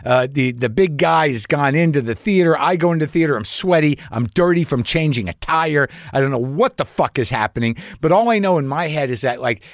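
A male comic spinning a long, rambling story, swearing freely and sounding anxious. His voice sits a bit high for a man and is recorded close and dry. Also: expressive, a little fast, few pauses, no echo. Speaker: comedian host. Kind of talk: storytelling monologue.

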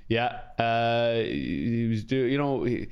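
A man's voice: medium pitch, slow, vocal fry, clean tone, muffled recording. A man co-hosting a podcast, telling stories casually and swearing freely. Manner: relaxed storytelling, swears freely. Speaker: podcast co-host. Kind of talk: casual chat.

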